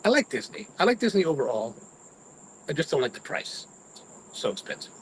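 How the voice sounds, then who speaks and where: A man's voice: on the high side, very animated, a little fast, slight background noise, rough recording. A man hosting a cigar review, chatting casually to live viewers and rambling through personal stories. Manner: rambling storyteller, mimics his own grumbling.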